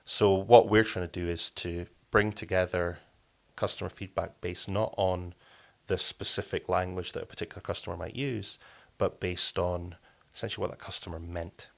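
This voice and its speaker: A man speaking as a podcast guest, explaining his work in relaxed interview talk, with frequent restarts and fillers. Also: low-pitched, normal speed, vocal fry. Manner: thoughtful, many restarts and fillers. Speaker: podcast guest, company co-founder.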